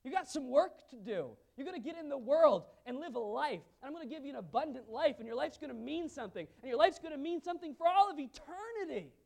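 A man voicing an earnest, encouraging male teacher who speaks loudly and with upbeat force. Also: very high-pitched, lively intonation, fast, vocal fry, few pauses, pitched above the performer's own voice, full character voice. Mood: rallying.

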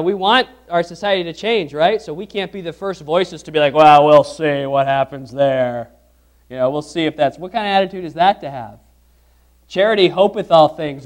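A man preaching a sermon as pastor, asking the congregation questions and repeating phrases for emphasis. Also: sits high.

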